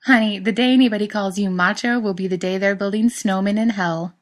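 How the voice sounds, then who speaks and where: A woman's voice: mid-range voice, fairly even intonation, a little fast, lightly acted. A woman voicing a sassy female professor who teases her friend dryly. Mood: teasing. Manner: teasing, dry.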